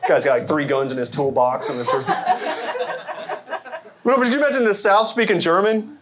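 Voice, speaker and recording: A man from Arkansas doing an animated stand-up set, working the crowd and putting on quoted voices. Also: a little high, brisk. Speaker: stand-up comedian. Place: comedy club stage before a laughing crowd. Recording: loud audience noise behind.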